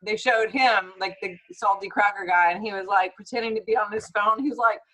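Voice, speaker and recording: A woman hosting a casual conversation, chatty and animated when she tells a story. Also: medium pitch, brisk, low-quality recording. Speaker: host, naturopathic doctor.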